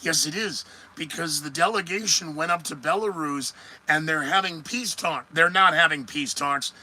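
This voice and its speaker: A man's voice: fairly high pitch, moderate pace, sharp tone, low-quality recording. A man hosting a solo news commentary podcast, sarcastic and rambling, often answering his own remarks. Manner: sarcastic, rambling, talks back to himself. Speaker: podcast host.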